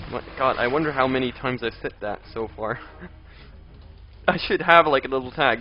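A man's voice: medium pitch, normal speed. A young man streaming a game live, chatting with viewers and grumbling at enemies. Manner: chatty, reads out and answers chat, exasperated outbursts at enemies. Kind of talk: live gameplay commentary. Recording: dull lo-fi stream audio with faint game music.

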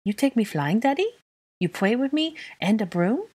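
A woman voicing an excitable little boy in a storybook reading, high and bouncy. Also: normal speed, breathy edge. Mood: excited.

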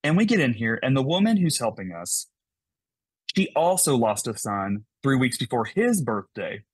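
Fast-talking man telling an emotional story. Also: medium pitch, husky, no echo. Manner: fast-talking, animated, repeats words. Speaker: podcast guest.

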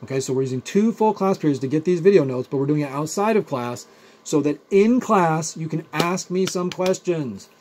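A man explains physics in a recorded video lecture, talking in a loose, rambling way full of everyday examples. His voice sits a little high, with a husky, mellow tone. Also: lively intonation, normal speed. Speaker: physics teacher.

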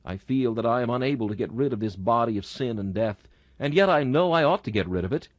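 A man reading an old sermon aloud in a solemn, dramatic manner, slowing down for emphatic phrases. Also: mid-range voice, lively intonation, no echo.

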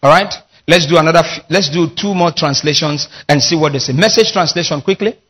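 A man's voice: fairly high pitch, fairly quick, a bit bright, husky. A man preaching a sermon as pastor, leading his congregation in call-and-response with emphatic delivery.

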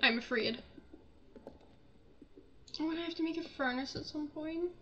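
High bright flustered young woman gamer. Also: normal speed, dull audio. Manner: flustered, laughing, easily panicked. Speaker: gaming channel host. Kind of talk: casual gameplay commentary.

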